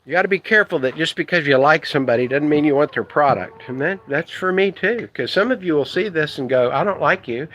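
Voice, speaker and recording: A man who runs an internet marketing business, talking casually to camera in an excitable, blunt, rambling way with mild swearing. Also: fairly high pitch, fast, few pauses, a little hiss or hum, poor audio.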